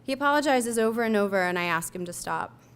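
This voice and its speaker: Smooth-voiced woman reading her memoir. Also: medium pitch, lively intonation, a bit bright. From United States. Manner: measured, reflective storytelling. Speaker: author reading her own essay. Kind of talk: reading a personal memoir aloud.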